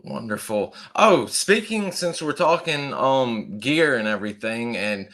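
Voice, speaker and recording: A man's voice: mid-range voice, lively intonation, unhurried, a bit bright. A man hosting a podcast, chatting with lots of fillers. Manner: chatty, uses fillers and southern "y'all". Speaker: podcast host. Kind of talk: casual chat.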